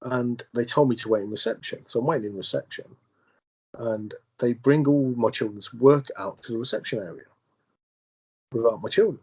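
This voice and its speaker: A man, a podcast guest, telling a personal story in a halting way, with many restarts and repeated words. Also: medium pitch, darkish tone, breathy edge, muffled recording. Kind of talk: conversational storytelling.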